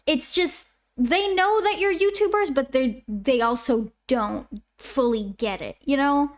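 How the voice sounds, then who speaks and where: A woman's voice: high voice, a little slow. A twenty-year-old woman from Canada, a YouTube animator, chatting casually on a livestream as she answers chat questions in a rambling way. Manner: chatty, rambling, self-interrupting.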